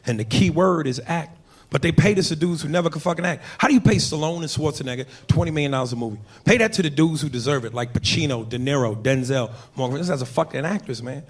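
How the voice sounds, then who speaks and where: A man doing a profane stand-up comedy set on a club stage, telling loose stories and breaking into loud impressions. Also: on the high side, fast. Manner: loose, profane storytelling with bursts of shouted impressions. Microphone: handheld stage mic. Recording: live club recording with crowd laughter.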